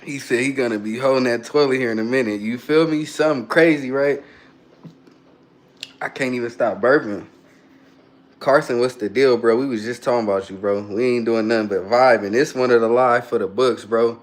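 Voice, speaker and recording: A man's voice: mid-range voice, normal speed. A man chatting casually on a phone livestream, joking and reading his chat aloud while queasy and burping after a hot sauce shot.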